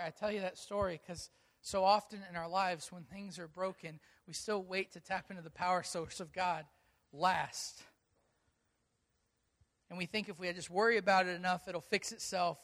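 A man with a notably high voice delivers a sermon as a pastor. He tells stories animatedly, acting out the dialogue, then turns to earnest, direct appeals to his listeners. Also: fairly bright tone.

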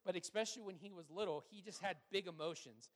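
A man, a pastor, answering questions in a sermon, talking conversationally and telling stories with an animated delivery and frequent fillers. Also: high voice, quick pace, big-room sound.

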